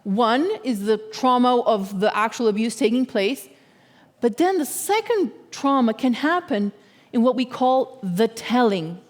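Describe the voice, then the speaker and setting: Woman preaching, earnest, slightly high pitched, lots of hall echo around her. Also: lively intonation. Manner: earnest, measured, often checks in with listeners. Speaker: guest speaker. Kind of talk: sermon. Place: church sanctuary.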